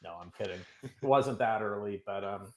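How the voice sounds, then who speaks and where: A middle-aged man from Canada talks as a guest in an interview. He tells stories in a chatty, self-joking way. His voice is low, and the room around him echoes. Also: moderate pace, darkish tone. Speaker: podcast guest, business coach. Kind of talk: casual interview talk.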